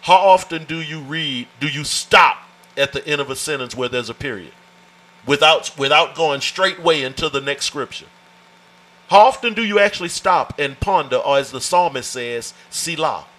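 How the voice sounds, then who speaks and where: A man's voice: on the high side, animated, moderate pace, a bit bright, rough recording. A man teaching a Bible study in an emphatic, folksy way, often calling out "watch this" and "amen" to his listeners. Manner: informal, folksy phrasing.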